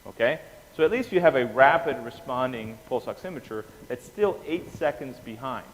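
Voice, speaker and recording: A man giving an anesthesia lecture, animated, quizzing the class and often checking in with "okay?". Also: mid-range voice, moderate pace. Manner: animated, asks the class questions, keeps saying "okay?". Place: lecture room. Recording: reverberant hall with faint noise.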